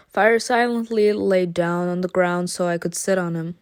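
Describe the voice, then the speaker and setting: A woman reading an interactive story game aloud, narrating dramatically and breaking into giggles and excited comments. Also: lowish voice, normal speed, clean tone, no echo, studio quality.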